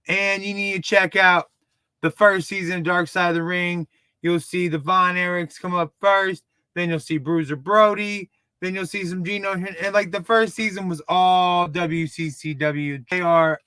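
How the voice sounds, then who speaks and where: A man in his thirties from Dallas with a Texan accent, rambling excitedly and mocking himself while reviewing a movie. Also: sits high, unhurried, smooth, no echo. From Dallas, Texas. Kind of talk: casual video review.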